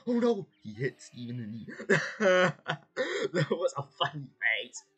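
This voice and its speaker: A YouTube host reacting to animations in an excitable way, gasping often and repeating words when alarmed. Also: mid-range voice, slow, husky, highs cut off.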